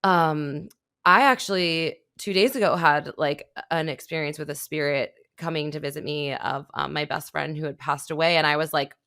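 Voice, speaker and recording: Woman, podcast host, young adult, animated, slightly low voice, dry close mic. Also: normal speed, no room sound. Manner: animated storytelling, with laughs and acted-out quotes. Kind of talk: conversational interview.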